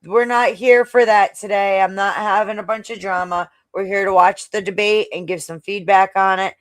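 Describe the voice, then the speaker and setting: A woman's voice: medium pitch, fairly even intonation, moderate pace, dry recording. A woman hosting a live-stream panel, firmly moderating the talk. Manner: firm, moderating. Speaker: panel host.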